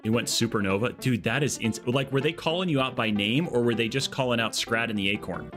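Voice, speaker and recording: Excitable joking male streamer. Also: medium pitch, fairly quick, over music. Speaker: game streamer. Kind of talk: casual live-stream chat.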